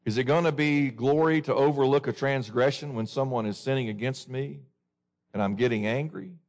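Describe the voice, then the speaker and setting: A man's voice: medium pitch, moderate pace, a little mellow. A man preaching a sermon in an earnest way, often asking his listeners questions.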